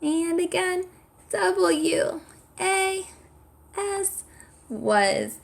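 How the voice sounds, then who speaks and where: A woman putting on a high, squeaky voice as a tiny mouse while spelling a word for children. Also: animated, very slow, creaky, full character voice.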